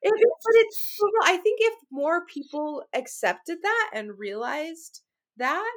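A woman in her forties chatting casually as a podcast guest, talking in animated, frank rants with some swearing. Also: very high voice, unhurried. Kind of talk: casual conversational chat.

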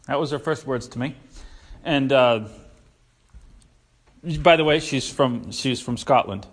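A man preaching a relaxed, conversational sermon with a slightly high voice. He is folksy and joking, stumbling over fillers and restarts as he goes. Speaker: pastor.

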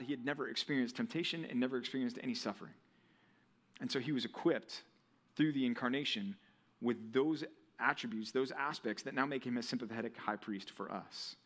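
A young man preaching a sermon to a college group, with a lively, conversational style full of rhetorical questions. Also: mid-range voice. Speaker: pastor.

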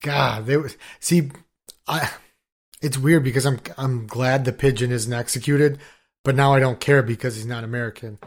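A man's voice: mid-range voice, normal speed. A man co-hosting a podcast in casual chat, riffing and swearing freely. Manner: profane, riffing, animated. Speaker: podcast co-host.

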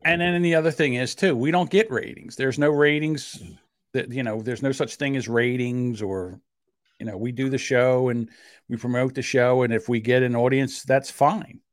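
Heated South Jersey podcast host. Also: male voice, steady tone, no room sound, clean studio sound. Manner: defensive, heated, quick to rise in pitch; admits a short temper. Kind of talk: casual argumentative podcast banter.

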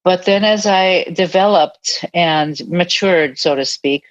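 An older woman, a retired army nurse, telling her life story in an interview in an earnest, reflective way with soft laughs now and then. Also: fairly low pitch, slow pace. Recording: dull lo-fi sound.

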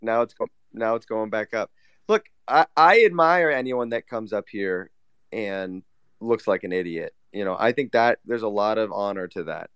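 Laid-back male host, low-pitched and smooth. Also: moderate pace, fairly bright tone, no room sound, studio quality. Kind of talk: casual chat.

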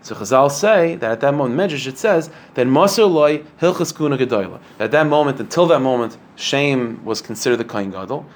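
A man's voice: medium pitch, lively intonation, a little fast, few pauses. A man giving a Torah lecture to a class, earnest and explanatory, posing rhetorical questions and using many fillers. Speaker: rabbi teaching a class.

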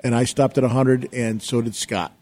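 Excitable man telling a story. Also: mid-range voice, moderate pace. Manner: rambling, excitable, acts out quotes loudly. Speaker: guest, real estate investor. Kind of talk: animated storytelling.

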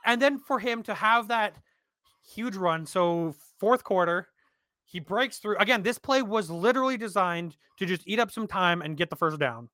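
A man's voice: sits high, moderate pace, no room sound. A man co-hosting a casual sports podcast, talking bluntly and with swearing. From Canada. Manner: animated, blunt, swears freely. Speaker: podcast co-host.

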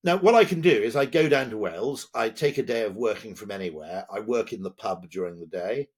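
An older man with a British accent talks as a podcast guest, rambling from point to point. His voice is husky, and his pitch swoops up and down with a lot of energy. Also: a little fast. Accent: British English. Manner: animated, digressive, tags lines with "okay?". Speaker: guest, advertising executive. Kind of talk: lively podcast conversation.

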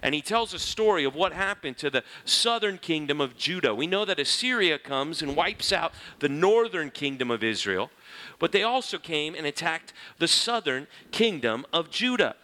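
Animated man teaching from the Bible. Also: on the high side, normal speed. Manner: animated, conversational, reads scripture aloud.

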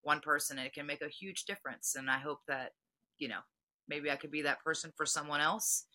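A woman's voice: low-pitched, steady tone, brisk, sharp tone. A woman wrestler guesting on a podcast, talking earnestly and poking fun at herself in casual chat. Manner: earnest, self-deprecating.

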